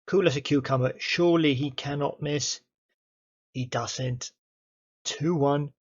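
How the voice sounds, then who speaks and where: A man commentating his own football management game, excitable and chatty, cheering on his players and talking to them. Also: a little high, unhurried, slightly rough, lo-fi sound. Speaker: gaming YouTuber.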